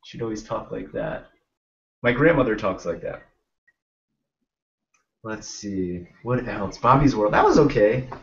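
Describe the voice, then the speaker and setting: A man's voice: lowish voice, expressive, measured pace, creaky, pauses often, a bit bright, slight background noise. A young man hosting a casual podcast chat, laid-back and rambling, swearing now and then. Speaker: podcast host. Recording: dull lo-fi stream audio.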